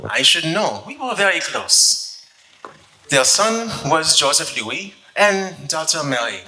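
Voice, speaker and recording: A man's voice: fairly high pitch, big pitch swings, slow pace, pushed and bright, heavily acted, rough recording. An actor with a put-on French accent playing a vain, flirtatious eighteenth-century French nobleman, fencer and composer, in a comedic stage skit. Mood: boastful. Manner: pompous, boastful, theatrical.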